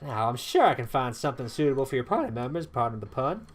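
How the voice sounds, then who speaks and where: A man's voice: mid-range voice, big pitch swings, fast talker. A man putting on a folksy old Southern weapon master. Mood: formal. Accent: Southern US, put on. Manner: folksy, grumbling, calls the hero lad. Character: old gruff male weapon master, boastful, talkative.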